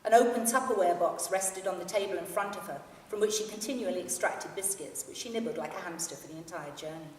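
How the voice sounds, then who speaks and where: A woman's voice: on the low side, fast, hardly any pauses. A woman in her fifties reading from her memoir to an audience in a library hall, with a dry, understated storytelling manner. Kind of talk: public book reading. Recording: echoey hall, mic from far off.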